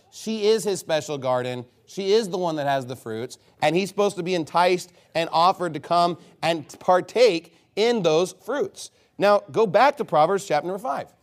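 A man preaching a sermon, reading scripture slowly and then pressing his points with rhetorical questions and repeated phrases. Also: high voice. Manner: reads scripture slowly and deliberately. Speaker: pastor.

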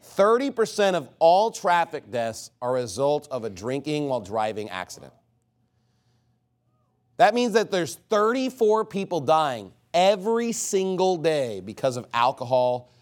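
A man's voice: fairly high pitch, big pitch swings, a little slow. A man in his thirties preaching a fiery sermon, emphatic, with sudden swings in volume and pace. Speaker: pastor.

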